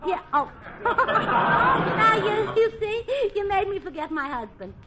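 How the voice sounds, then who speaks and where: A woman's voice: very high-pitched, lively intonation, takes it slowly, over a noisy crowd. A woman talking in a bubbly, scatterbrained way in a 1940s radio comedy. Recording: hissy lo-fi vintage radio recording.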